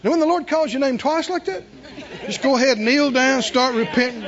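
A man's voice: very high voice, moderate pace, fairly bright tone, dull audio. A man preaching a sermon, emphatic and repeating his phrases, with call-and-response to the congregation. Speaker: pastor.

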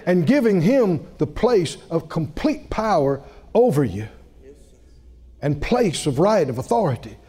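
A man's voice: a little slow, slightly rough. A man preaching a sermon, telling a story with laughter and acting out what people said. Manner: lively, wide-ranging pitch.

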